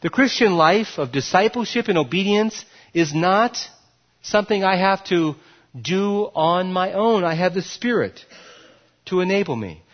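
Lively, animated preaching man. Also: sits high, unhurried, highs cut off. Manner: lively preaching with emphatic rises and soft drops. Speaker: pastor. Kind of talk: sermon.

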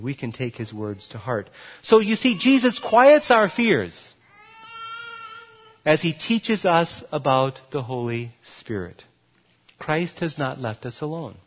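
Male pastor, sermon delivery, higher voice, dull lo-fi recording. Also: slow pace, slightly rough. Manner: lively preaching with emphatic rises and soft drops.

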